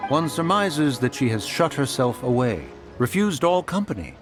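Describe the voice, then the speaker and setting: A man's voice: medium pitch, sing-song, moderate pace, natural voice. A man voicing an aloof ancient spirit beast. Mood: formal. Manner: archaic formal speech, refers to self as one. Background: music.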